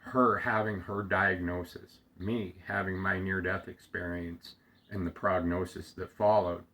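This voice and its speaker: A man slowly telling a heartfelt personal story, halting often with fillers and restarts, close to tears at times. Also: low voice, fairly even intonation, bright, forceful tone. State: getting emotional. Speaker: storyteller sharing a personal memory. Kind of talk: reflective personal monologue.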